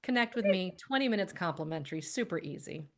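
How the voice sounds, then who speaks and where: A woman's voice: fairly low pitch, expressive, fast talker. A woman guest on a podcast, speaking in an upbeat, casual conversational way and laughing often. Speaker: guest, holistic practitioner.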